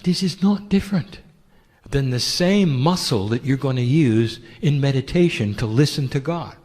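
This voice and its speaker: A man giving a channeled spiritual talk in a gentle, intimate, preacherly way. He often asks the listener rhetorical questions. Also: medium pitch, animated, moderate pace, in a large hall.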